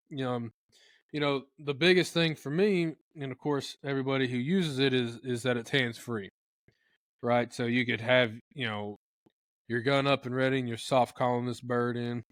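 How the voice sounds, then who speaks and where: An animated guest, expert at turkey calling, chats casually through a how-to lesson and imitates turkeys with funny voices. His mid-range voice is recorded with no room sound.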